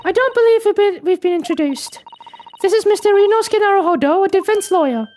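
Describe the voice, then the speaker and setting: A woman's voice: extremely high pitch, expressive, brisk, a little mellow, pitched above the performer's own voice. A woman voicing a polite young Japanese woman, a cheerful legal assistant who speaks in formal, courteous phrases in a game playthrough.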